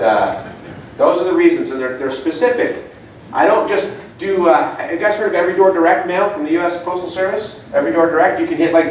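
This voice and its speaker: A chatty man talks to a live seminar audience, spinning casual stories and tossing questions at the room. His voice sits a touch high and comes from some distance off the mic. A big, echoey room and a faint hiss hang around every word. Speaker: seminar speaker. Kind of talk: live seminar talk with anecdotes. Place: meeting room.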